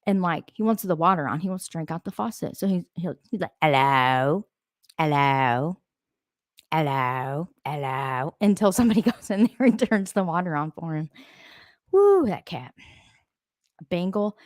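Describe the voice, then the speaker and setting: A woman's voice: mid-range voice, big pitch swings, fairly quick, darkish tone, dry recording, studio quality. A woman hosting a casual live stream, talking to viewers, answering their comments and laughing often. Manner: laughs often, rambling asides.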